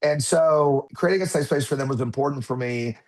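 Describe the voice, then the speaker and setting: A man's voice: medium pitch, fairly quick. A man in his thirties, a podcast guest, telling a personal story in conversation and acting out what his children said. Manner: animated, acts out quotes of his children.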